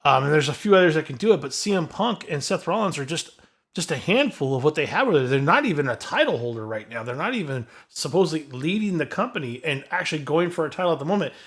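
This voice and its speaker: A man's voice: a little high, animated, fast talker, fairly bright tone. A man co-hosting a casual wrestling podcast, talking enthusiastically at length and turning to his co-hosts by name. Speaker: podcast co-host. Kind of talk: casual chat.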